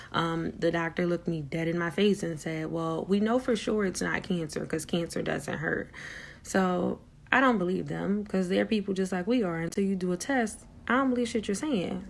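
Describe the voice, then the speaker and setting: Young woman, low gravelly voice; frank, swears often, gets loud when recounting shocks. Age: young adult. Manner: blunt, frank, swears freely. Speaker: vlogger sharing her story. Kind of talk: candid personal storytelling.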